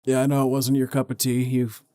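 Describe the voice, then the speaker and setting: A man's voice: mid-range voice, completely flat delivery, brisk, dark tone, dry recording, studio quality. A man co-hosting a podcast in casual chat, agreeable and enthusiastic. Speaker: podcast co-host.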